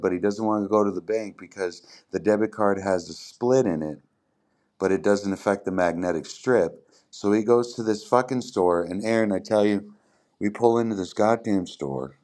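Man, deep voice, podcast host, profane, rambling, casual storytelling. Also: a little mellow.

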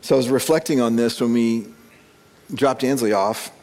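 In a church sanctuary, a pastor in his forties delivers a conversational sermon to his congregation at a moderate pace, his medium-pitched voice a little mellow. He tells stories with self-deprecating chuckles and often repeats words as he begins a phrase.

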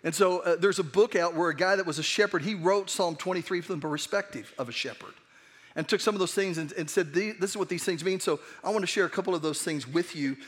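A pastor gives his sermon in a high, light voice. He talks in a conversational, earnest way, stumbling and restarting as he goes. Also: fast. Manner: conversational, earnest, with frequent restarts and acted asides.

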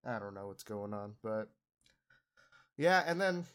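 A man's voice: fairly low pitch, animated, a little slow, fairly bright tone. A young man hosting a podcast, sick and nasal, rambling loosely and crudely with frequent laughs. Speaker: podcast host. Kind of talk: casual chat.

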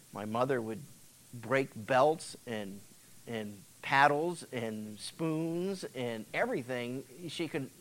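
A middle-aged male pastor preaching a sermon in a conversational way, now and then acting out the voices of biblical figures, heard on an old cassette tape transfer. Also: medium pitch.

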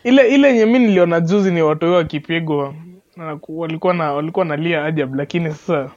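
A podcast co-host with a Kenyan accent, joking and emphatic, switching quickly into Sheng. The voice has a middle pitch, and the recording sounds a little dull and lo-fi. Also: a little mellow. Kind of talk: casual chat.

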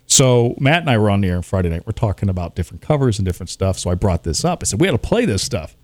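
Rambling self-mocking DJ. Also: male voice, on the low side, animated, very fast, a little mellow, dry recording. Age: 40s. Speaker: radio DJ guest. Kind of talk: casual podcast chat.

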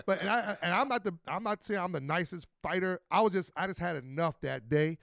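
A man talks quickly and eagerly, his voice sitting a little high for a man. He tells rowdy street stories full of cursing, recorded dry and close. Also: creaky, no echo. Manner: animated, profane street storyteller. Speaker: podcast host. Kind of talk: casual podcast chat.

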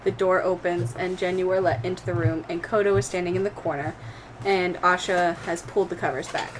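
A woman's voice: lowish voice, fairly even intonation, a little fast, a little hiss or hum. A woman running a tabletop game as game master, narrating in an easygoing way and laughing often.

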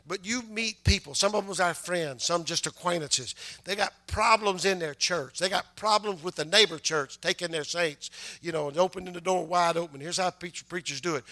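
An older man preaching a sermon, conversational and punctuated with amens, building to loud, emphatic passages. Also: high-pitched, moderate pace, hardly any pauses. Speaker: pastor.

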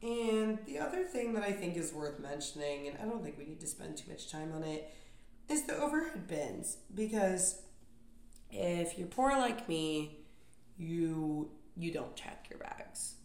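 This young adult podcast host fires off a comedic solo rant of profane, exasperated gripes. Her lowish, darkish voice has big pitch swings and a slightly slow delivery, and the podcast microphone picks up roomy echo.

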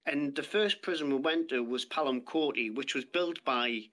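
A man's voice: mid-range voice, moderate pace, pushed and bright. A British man telling his story as a podcast guest, plain-spoken and blunt, with heavy swearing. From Britain. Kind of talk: casual storytelling chat. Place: podcast studio.

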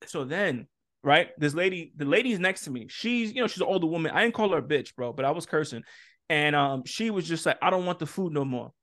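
A man's voice: on the high side, fairly quick. A young man co-hosting a casual podcast, telling a story with lots of cursing and acted-out quotes. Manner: animated storytelling, heavy cursing, acts out quotes. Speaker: podcast co-host.

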